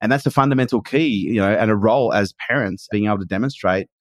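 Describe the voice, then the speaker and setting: A man's voice: fairly low pitch, fast talker, no echo. A man, in his forties, talking earnestly as a podcast guest in casual conversation. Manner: earnest and emphatic, swears casually.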